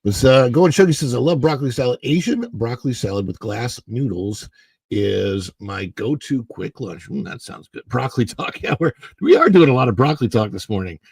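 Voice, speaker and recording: Man, livestream host, rambling casual chat, hoarse morning throat, gravelly. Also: medium pitch, animated, a little fast, a little mellow, no echo. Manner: rambling, chatty, greets viewers by name. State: morning throat, clearing it often. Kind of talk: casual livestream chat reading viewer comments.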